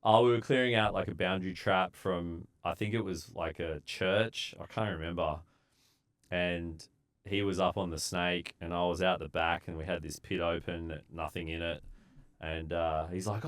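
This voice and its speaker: On a podcast, a male civil engineer with a low voice and moderate pace tells relaxed, easygoing stories from his days on site. He acts out what people said as he goes, in a casual storytelling style.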